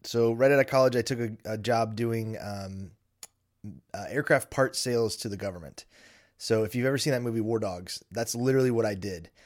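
A man's voice: mid-range voice, a little fast. Candid man podcasting from his basement. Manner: candid, self-deprecating, frequent ums. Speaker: podcast host. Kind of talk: casual solo podcast talk. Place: home basement.

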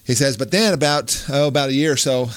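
A man's voice: mid-range voice, fairly quick, no room sound. Man, author, casual anecdote, rambling with restarts, dry close sound. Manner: rambling, many restarts, acts out quoted voices. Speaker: author telling a story on a podcast.

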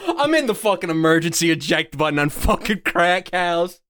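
High, animated laughing podcast guy. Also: moderate pace. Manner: excitable, laughing, profane. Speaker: podcast co-host. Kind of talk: casual podcast banter.

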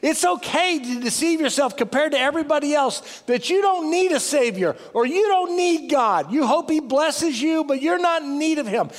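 High-voiced pastor preaching in a hall. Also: male voice, lively intonation, moderate pace, hardly any pauses. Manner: emphatic, rising to loud peaks and dropping low and soft. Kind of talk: sermon.

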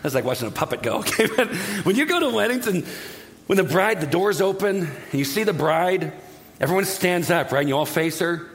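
A middle-aged pastor preaches with a voice pitched a little higher than most men's. He tells jokey stories in an animated way, then drops to a hush to pray. The sound carries a long echo from a large hall. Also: a little fast. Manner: animated, jokey storytelling that drops to a hushed prayer. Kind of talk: sermon. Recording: echoey hall.

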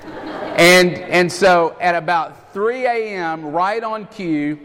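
A male preacher telling a story in a sermon, animated and acting out the quotes, in a church sanctuary. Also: high voice, takes it slowly. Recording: echoey hall.

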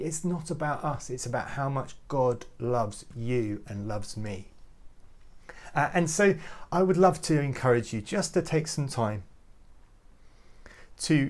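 A man giving an earnest, reflective devotional talk to youth leaders, often halting and repeating words as he goes. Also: medium pitch. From United Kingdom. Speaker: youth ministry speaker.

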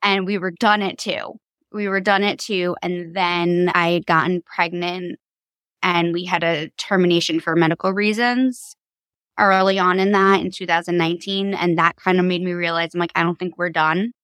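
A woman's voice: lowish voice, fairly even intonation, normal speed, a bit bright, dry recording. A woman in her thirties from Long Island, New York, a podcast guest telling her family story in a candid, chatty way and laughing easily. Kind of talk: casual storytelling.

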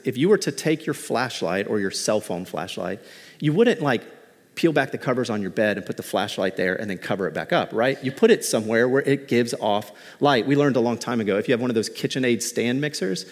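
A man pastor preaching a sermon in a conversational, animated way, mixing in light humor, in a church. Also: medium pitch, a little fast, in a large hall. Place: church sanctuary.

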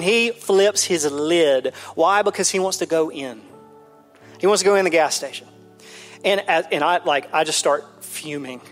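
A man in his thirties, a pastor telling a personal story in a candid, conversational sermon. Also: on the high side. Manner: candid, personal, builds to emphatic then soft.

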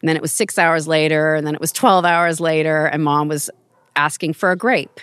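A woman's voice: sits low, steady tone, a little fast, fairly bright tone, clean tone, no echo, rough recording. A middle-aged woman, a podcast guest, telling personal family stories in a casual, emotional way, with frequent restarts. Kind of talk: casual conversational storytelling.

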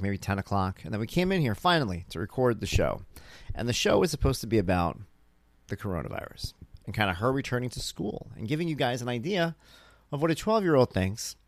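This podcast host has a lowish voice, captured in a dry recording with clean studio sound. Though tired, he tells stories animatedly in a casual solo monologue, acting out the dialogue of family conversations.

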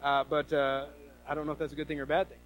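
A man from the US Northwest preaching a sermon, telling stories with lively quoted voices. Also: a little high, racing, soft background music, poor audio. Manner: animated storytelling with quoted voices. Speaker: pastor.

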